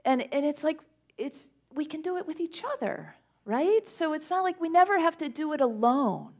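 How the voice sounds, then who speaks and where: A woman's voice: high-pitched, expressive, normal speed, darkish tone. A woman minister giving a conversational sermon in a church, laughing often as she retells scripture. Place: church sanctuary with congregation.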